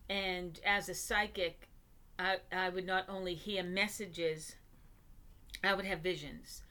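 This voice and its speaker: Female interview guest, bright forceful tone, hesitant delivery, lots of ums. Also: fairly low pitch, fairly even intonation. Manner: hesitant, halting with many fillers. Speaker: guest psychic medium. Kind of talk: conversational interview.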